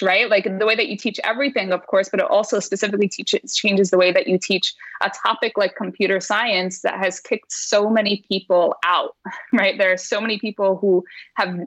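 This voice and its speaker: A woman's voice: mid-range voice, fairly bright tone, no room sound, poor audio. A woman math teacher speaking earnestly in a casual conversation, often laughing as she talks and filling her sentences with "like.". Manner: earnest, laughs while talking, many "like"s.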